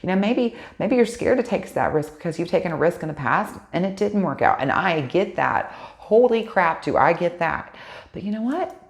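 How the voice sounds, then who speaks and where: Low-voiced woman tarot reader, casual, excitable, swears freely, talks straight to her viewers. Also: moderate pace, creaky. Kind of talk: casual tarot card reading.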